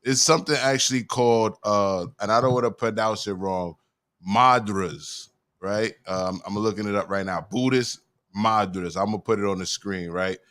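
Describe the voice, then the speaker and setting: A man's voice: lowish voice, steady tone, brisk, few pauses, a bit bright, dry recording, studio quality. A male host in a casual chat show, talking in laid-back slang and reading viewer comments aloud.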